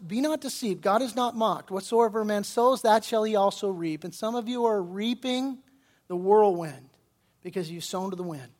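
A man pastor preaching a sermon with passion, his voice swelling loud and pleading when he quotes scripture and prayer. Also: sits high.

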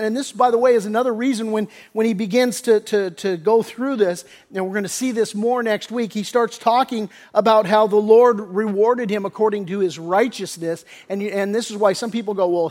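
A pastor preaches a sermon in a conversational, earnest way, often restarting phrases. He drops soft on tender points and rises when reading scripture, and his voice sits high.

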